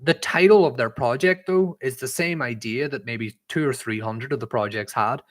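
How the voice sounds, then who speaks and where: A young Irish man with an accent that has drifted from living abroad, talking loosely on a live stream. He rambles and fills his sentences with "um" and "like," and his pitch sits at an ordinary middle height for a man. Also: normal speed, a bit bright. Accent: mixed Irish, shifted by living abroad. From Northern Ireland. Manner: chatty and rambling, many "um" and "like" fillers, reads chat messages aloud. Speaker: livestream host answering viewer questions.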